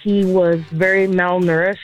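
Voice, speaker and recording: A woman's voice: on the low side, little pitch movement, moderate pace, soft background music, low-quality recording. A woman calling in to a morning radio show, talking earnestly and unhurriedly. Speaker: radio caller. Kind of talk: casual call-in chat.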